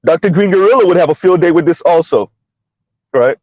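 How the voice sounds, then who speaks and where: Chatty man with a higher voice. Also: brisk, darkish tone, no room sound, dull audio. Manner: chatty, laughs often, keeps asking "right?". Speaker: commentary channel host. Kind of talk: casual commentary while driving. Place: inside a car on the road.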